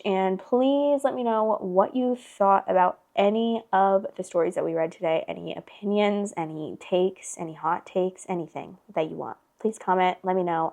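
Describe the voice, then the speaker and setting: A young woman hosts a podcast in her twenties, telling a personal story in loose, casual chat. She fills her talk with "like" and swears freely, and her voice sits a little low for a woman. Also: dark tone. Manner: chatty, heavy filler "like", swears freely. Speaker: podcast host.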